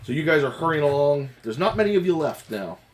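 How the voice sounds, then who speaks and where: A man narrating a tabletop game as game master, playful and quick to laugh. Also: on the high side, very animated, slight background noise, rough recording.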